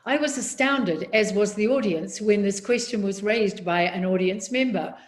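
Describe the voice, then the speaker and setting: A woman with a New Zealand accent, a public speaking coach giving an online workshop from her home office over a video call, talking in a measured, emphatic way with deliberate pauses. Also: mid-range voice. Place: home office, seated on a chair.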